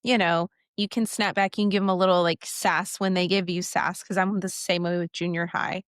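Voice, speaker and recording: A woman's voice: fairly low pitch, level tone, brisk, dry recording, studio quality. A woman, a teacher co-hosting a podcast, chatting in a rambling, filler-heavy way. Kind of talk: casual chat.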